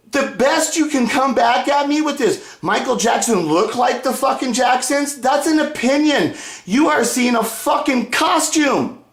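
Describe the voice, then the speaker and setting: A man ranting angrily at his followers in a video, profane and combative, swinging between loud outbursts and low muttering. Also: creaky, roomy sound. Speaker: YouTuber. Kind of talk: angry video rant to fans.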